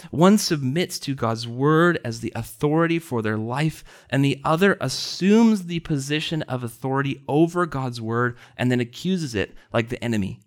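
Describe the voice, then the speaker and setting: A man's voice: fairly high pitch, a bit bright. A man preaching a sermon, building earnest emphasis through repeated rhetorical questions.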